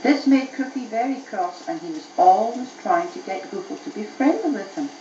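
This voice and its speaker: A woman's voice: medium pitch, lively intonation, moderate pace, mellow, roomy sound, muffled recording, a little hiss or hum. A mother reading a bedtime story to her child aloud, telling it expressively, recorded on an old cassette tape.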